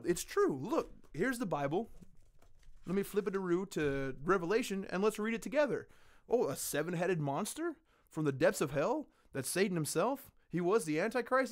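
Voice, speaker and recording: A man hosting a podcast in casual chat, ranting with lots of swearing and animated storytelling. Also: sits high, moderate pace. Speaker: podcast host.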